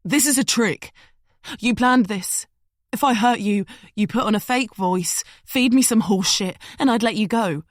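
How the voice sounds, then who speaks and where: A woman's voice: on the high side, unhurried, no room sound, studio quality, close to an everyday voice. Woman voicing a desperate cornered man. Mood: suspicious. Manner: tense, threatening. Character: desperate young man holding a hostage.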